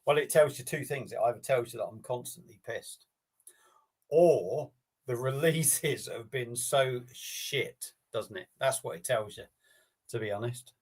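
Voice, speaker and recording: A man's voice: medium pitch, measured pace, a little mellow, slightly rough. A man hosting a casual live beer stream, chatting in a rambling, matey way with casual swearing.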